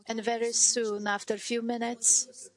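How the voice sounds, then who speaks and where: A middle-aged woman giving a personal testimony as a mother, speaking halting, non-native English with many hesitations and restarts. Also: fairly high pitch, little pitch movement, poor audio.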